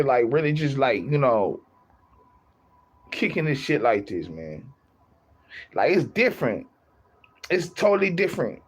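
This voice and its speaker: A man's voice: medium pitch, sing-song, measured pace, long pauses, husky, highs cut off. A young man chatting casually on his livestream, rambling, repeating himself and laughing often.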